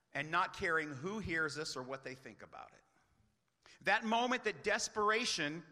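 A man's voice: sits high, sharp tone, in a large hall. A man preaching a sermon as pastor, earnest, often asking rhetorical questions.

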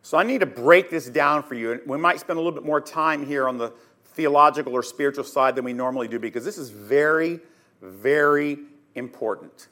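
A man teaching a sermon on scripture, telling the story dramatically and emphatically, swinging between loud and hushed, and putting questions straight to his listeners. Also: medium pitch, fairly quick. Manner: addresses listeners directly with questions. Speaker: Bible teacher.

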